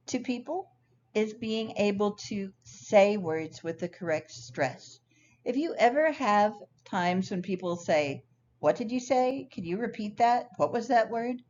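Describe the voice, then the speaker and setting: A woman teaching pronunciation, pitched a little low. She speaks slowly and carefully, sounding out example words. The recording is slightly dull and lo-fi. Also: darkish tone, slight background noise. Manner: slow, clear teaching delivery with careful word examples. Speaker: ESL teacher. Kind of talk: recorded lesson.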